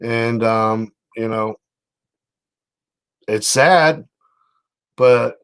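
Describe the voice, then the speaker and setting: A man's voice: medium pitch, extremely slow, a bit bright, clean tone. A man giving casual, blunt commentary on news clips, rambling with fillers.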